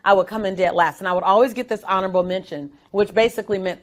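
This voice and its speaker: A woman guest in a casual interview, telling stories with lively, acted-out quotes and frequent laughter. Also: medium pitch, quick pace. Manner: animated storyteller, acts out quotes.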